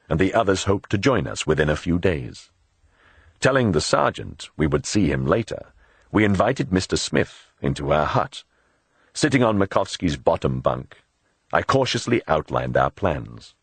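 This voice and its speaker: Male audiobook narrator, deep husky voice, animated intonation, dry close recording. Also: no echo. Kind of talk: scripted narration.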